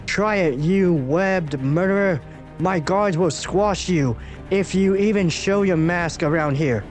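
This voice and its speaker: A man performs a blustering middle-aged newspaper publisher who shouts and hurls insults at everyone, read aloud from a comic. His pitch sits high and climbs as he rants, with faint music behind. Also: takes it slowly. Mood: shouting.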